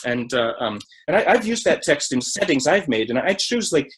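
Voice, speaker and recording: A man's voice: fairly high pitch, very animated, moderate pace, a little hiss or hum, poor audio. A man presenting a lecture on old hymn tunes, breaking into sung phrases and counting out beats between explanations.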